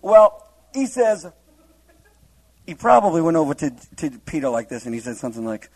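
A man's voice: a little high, very animated, normal speed, darkish tone, breathy edge, poor audio. A man preaching a humorous verse-by-verse Bible teaching, laughing often and acting out the scenes in different voices.

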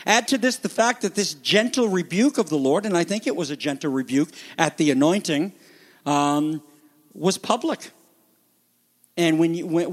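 High-voiced animated male preacher. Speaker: pastor. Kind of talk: sermon.

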